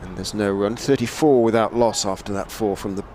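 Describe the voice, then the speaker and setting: A man calls a one-day cricket match ball by ball in a low, easy voice. He chats between deliveries and lifts his energy when a shot races to the boundary. A faint hum of outdoor noise sits behind him. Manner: measured, chatty, lifts to excited calls on big shots. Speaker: cricket commentator. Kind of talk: radio-style ball-by-ball commentary. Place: commentary position on a stadium hotel roof.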